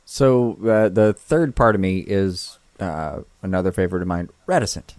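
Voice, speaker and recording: A man's voice: low-pitched, normal speed, darkish tone, dry recording. Wry male podcast co-host. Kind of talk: casual chat.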